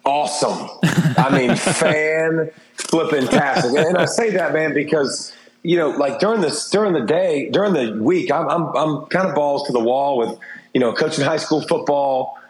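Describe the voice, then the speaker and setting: A man's voice: on the high side, moderate pace, a crowd in the background. A middle-aged man talking candidly as an interview guest, rambling with restarts and fillers. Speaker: interview guest, former TV football analyst. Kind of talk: casual interview talk. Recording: roomy echo.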